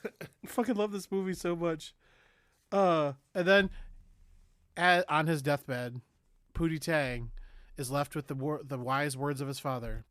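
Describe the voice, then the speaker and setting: Guy on a podcast riffing on a movie, swears a ton, cracks up, kinda high voice, dry close sound. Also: a little slow, long pauses, fairly bright tone, no echo. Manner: profane, laughs a lot, acts out movie lines. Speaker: podcast co-host. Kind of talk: casual movie recap chat.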